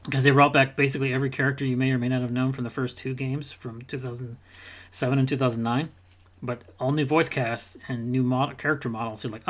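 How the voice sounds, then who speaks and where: A man's voice: mid-range voice, flat delivery, fast talker. Male podcast co-host, casual and profane, rambling gaming rant with mock character asides, mid-range voice.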